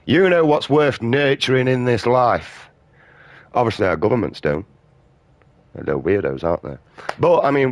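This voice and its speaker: A man's voice: fairly low pitch, dry recording. A British man giving casual, profane, ranting commentary while playing a video game. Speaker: gaming streamer. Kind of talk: casual commentary over gameplay.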